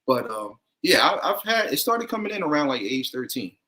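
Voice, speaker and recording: Man, bright voice, easygoing storyteller, casual guest chat over a video call. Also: fairly high pitch, big pitch swings, normal speed. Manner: laid-back, chuckling, storytelling. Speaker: guest content creator.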